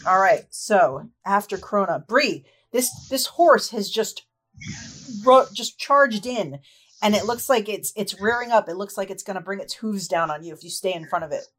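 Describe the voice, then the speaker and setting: Woman narrating as game master. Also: mid-range voice. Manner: lively, descriptive, quick laughs.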